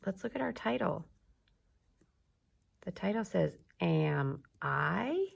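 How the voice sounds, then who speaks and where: A woman teacher leading an early reading lesson for young children, speaking slowly and clearly and drawing out her words. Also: mid-range voice, expressive, darkish tone. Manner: slow, clear teacher talk with drawn-out words.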